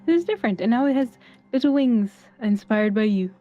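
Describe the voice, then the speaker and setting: A woman playing a tabletop game, talking haltingly with many fillers. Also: on the high side, animated, phone-quality sound, faint music behind. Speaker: player.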